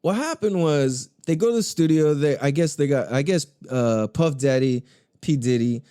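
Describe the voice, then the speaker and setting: A young man hosts a casual solo podcast, telling music stories in a loose, profane, enthusiastic style full of slang and laughter. His slightly high voice has a dark, clean tone at normal speed, recorded in studio quality with no echo.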